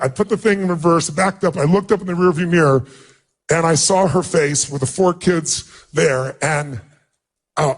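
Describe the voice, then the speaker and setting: A man giving a motivational speech, telling a personal story in an earnest, emphatic way. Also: on the high side. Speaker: motivational speaker.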